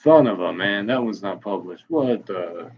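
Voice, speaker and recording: A man's voice: fairly low pitch, expressive, normal speed. A man in his forties blogging live, chatting and reading his own posts aloud in a wry, self-mocking, off-the-cuff way. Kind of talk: rambling casual live-stream chat. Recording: dull lo-fi stream audio.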